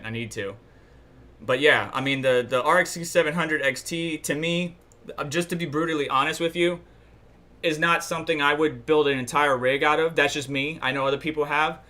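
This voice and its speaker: A man's voice: medium pitch, bright, forceful tone. A man from New York hosting a casual livestream, rambling and thinking aloud while he browses charts and checks chat. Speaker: livestream host.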